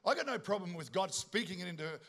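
A man's voice: sits high, fast talker. A middle-aged man preaching a sermon, telling jokey stories and bantering with the congregation. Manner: animated, joking storyteller with asides to the congregation. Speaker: pastor.

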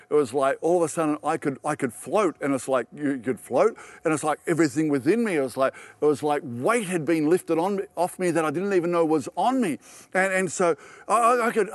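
A man's voice: mid-range voice, no echo. A man preaching a sermon as pastor, telling an emotional personal testimony with many restarts.

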